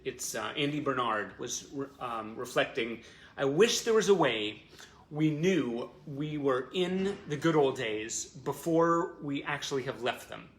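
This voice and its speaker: A man's voice: medium pitch, a bit bright, slight background noise. A man hosting a casual fan livestream, talking emotionally and effusively to his viewers with many fillers and restarts. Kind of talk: casual heartfelt chat to viewers.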